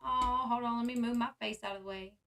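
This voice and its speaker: A woman's voice: a little high, fairly even intonation, quick pace, a bit bright, slight background noise. A woman vlogger giving casual, chatty commentary, full of "like" and "um" fillers. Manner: chatty, filler-heavy with frequent "like" and "um". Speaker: vlogger reacting to a reality show.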